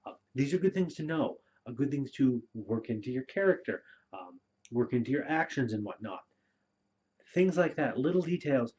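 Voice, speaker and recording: Casual male storyteller, mid pitch, lo-fi muffled sound, chatty and filler-heavy. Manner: relaxed, rambling with frequent fillers. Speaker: storyteller and game master. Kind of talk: casual spoken advice video. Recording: dull lo-fi recording.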